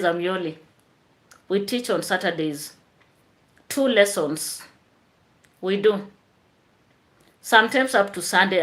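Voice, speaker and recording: A woman's voice: mid-range voice, a bit bright. A woman teacher hosting a chatty live stream, tired after work, answering viewer comments.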